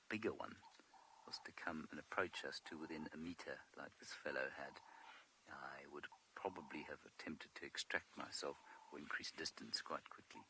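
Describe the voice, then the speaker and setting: A deep-voiced man gives live safari commentary from an open vehicle in the bush, hushed and wryly amused, often dropping to a whisper. His tone is bright and forward, with faint outdoor noise behind him. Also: low-quality recording. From South Africa. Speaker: safari guide presenting a live game drive.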